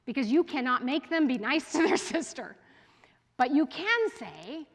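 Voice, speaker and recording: A woman's voice: high-pitched, measured pace. Chatty woman leading a parenting workshop. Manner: chatty and animated, often laughing and asking the audience. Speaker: school division head giving a parenting talk. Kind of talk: casual workshop talk to parents. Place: school event room with an audience. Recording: long reverb from a hall.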